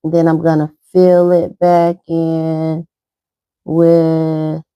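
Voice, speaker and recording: A woman's voice: low-pitched, completely flat delivery, drawn-out words, clear, resonant tone, no room sound, lo-fi sound. A middle-aged woman rambling chattily through a makeup tutorial, talking as she applies it. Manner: rambling, chatty, talks while applying makeup. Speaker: makeup vlogger. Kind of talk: casual makeup tutorial chat.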